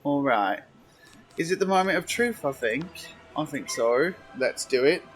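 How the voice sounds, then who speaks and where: A man chats his way through a game from his bedroom, sassy and teasing. His pitch swings widely while the words come slow and drawn out. Faint music plays underneath. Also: animated. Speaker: streamer. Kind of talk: casual gameplay commentary. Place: at home in his room.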